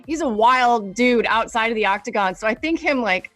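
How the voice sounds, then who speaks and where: Casting: lively woman, high voice, casual, dry close recording. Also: moderate pace, no room sound, faint music behind. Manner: lively, acts out quoted speech. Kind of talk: casual chat.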